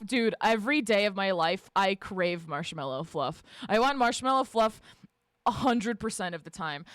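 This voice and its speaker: A woman streamer chatting casually with her live chat, swearing freely, laughing often and shouting out greetings. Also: fairly high pitch. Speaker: livestreamer reading and answering chat.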